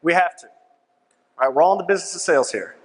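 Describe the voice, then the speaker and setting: A man's voice: a little high, fast talker. A young man giving a persuasive sales presentation at a conference, punchy and repetitive, often asking "right?" to the crowd. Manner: punchy, repeats key lines. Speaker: conference speaker. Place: large conference hall. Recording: long reverb of a big hall.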